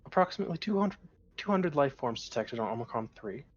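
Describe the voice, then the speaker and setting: A man's voice: mid-range voice, animated, fast, lo-fi sound, slight background noise. Man reading clipped sensor reports. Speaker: game master. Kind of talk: narrating a tabletop game.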